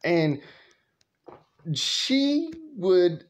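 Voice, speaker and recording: Slow rambling storyteller man. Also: mid-range voice, animated. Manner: rambling, cussing, laughs a lot. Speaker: vlogger storyteller. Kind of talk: profane casual storytelling.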